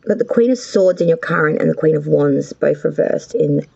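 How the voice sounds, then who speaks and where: A woman's voice: low-pitched, animated, moderate pace, vocal fry, dark tone, husky, dull audio. An Australian woman hosting a casual tarot reading from her cold home with the power out, chatty, rambling and swearing freely. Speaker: tarot reader and channel host.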